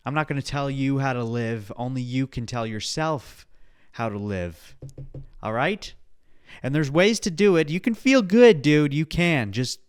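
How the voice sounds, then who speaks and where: A male podcast host talking solo in a rambling, profane pep-talk style, now and then breaking into loud outbursts. His voice sits at an ordinary middle pitch. The recording is dry and close, with no room sound. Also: clear, resonant tone, no echo. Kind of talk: casual solo podcast chat.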